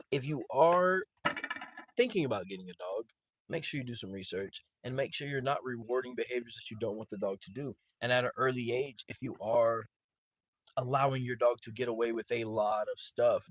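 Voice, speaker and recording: A man hosting a casual podcast chat about dog training, lively and quick to laugh, often repeating words as he starts a thought. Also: mid-range voice, breathy edge, no echo.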